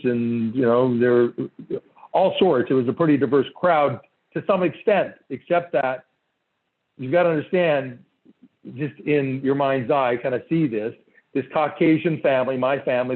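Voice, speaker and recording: Man telling a story over a tinny call. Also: medium pitch. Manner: animated, conversational storytelling with frequent fillers. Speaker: real estate coach. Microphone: call line. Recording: tinny phone-like call audio.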